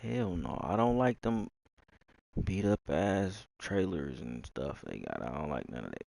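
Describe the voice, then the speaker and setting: A young man from Texas talks in a loose, slangy ramble, his Southern drawl rough with fry. His voice sits a little low and sounds close and dry, with no room around it. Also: big pitch swings, unhurried, a little mellow, no echo, poor audio. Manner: slangy, drawling, jumps between topics. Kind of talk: rambling casual monologue.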